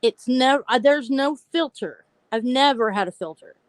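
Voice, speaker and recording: A woman's voice: sits high, expressive, normal speed, no echo. A woman, openly and talkatively telling her own story to viewers on a live stream. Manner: open, talkative, addresses viewers directly. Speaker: host of a live stream about mental health. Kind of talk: personal storytelling, casual chat.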